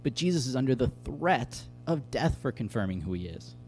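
A pastor delivers a sermon in a warm, mellow voice, speaking plainly and conversationally. He walks through scripture and ties it to everyday stories. Soft music plays faintly behind him. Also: mid-range voice, very animated, moderate pace.

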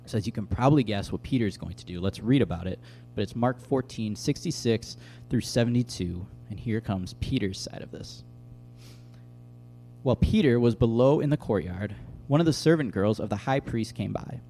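A pastor delivers a sermon in a warm, mellow voice, speaking plainly and conversationally. He walks through scripture and ties it to everyday stories. Soft music plays faintly behind him. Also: lowish voice, expressive, moderate pace.

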